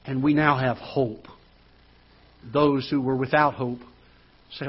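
Husky-voiced preacher in a church. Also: male voice, medium pitch, fairly even intonation, moderate pace. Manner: swings from hushed storytelling to loud rising preaching. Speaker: pastor. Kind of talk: sermon. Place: church auditorium. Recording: dull lo-fi church broadcast.

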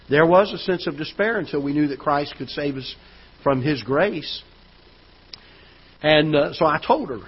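Midwestern pastor telling a story in a sermon. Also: male voice, on the high side, slightly rough. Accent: Midwestern American. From United States. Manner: storytelling, halting restarts and repeated words. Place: church auditorium. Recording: dull lo-fi church broadcast audio.

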